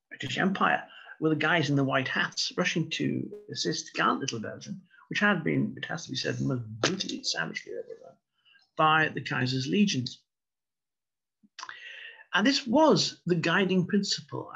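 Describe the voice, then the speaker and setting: A man lecturing on history, measured and wry, with a gravelly, husky voice. The sound is dull and lo-fi, as from a modest online broadcast. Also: on the high side, a bit bright. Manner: measured, storytelling, wry asides. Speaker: local historian giving a talk. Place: indoors, online broadcast talk. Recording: dull lo-fi recording.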